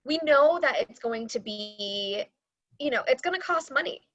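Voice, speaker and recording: A woman working in school admissions, answering a panel question in an earnest, steady way with a few fillers, heard over a video call. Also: sits high, moderate pace, no echo, highs cut off. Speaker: admissions coordinator.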